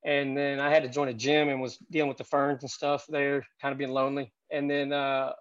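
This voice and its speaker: A man's voice: medium pitch, completely flat delivery, brisk, smooth, dull audio. A man in his thirties telling stories as a podcast guest, chatty and rambling with lots of fillers. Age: 30s. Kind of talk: casual podcast storytelling.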